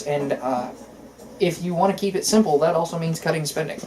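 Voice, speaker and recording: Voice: mid-range voice, brisk, darkish tone, slight background noise, poor audio. Casting: talk co-host, casual political chat, opinionated, long rambling runs, filler-heavy. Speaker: podcast co-host.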